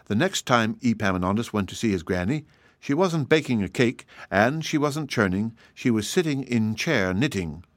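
A man reads a children's story aloud at a measured, expressive pace. His voice sits at a middle pitch. The recording is dry and close. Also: no echo. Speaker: storybook reader. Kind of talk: scripted storybook narration.

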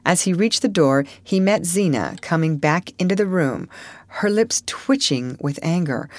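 A woman narrating an audiobook in a measured, expressive reading. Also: low-pitched, no room sound. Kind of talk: scripted narration.

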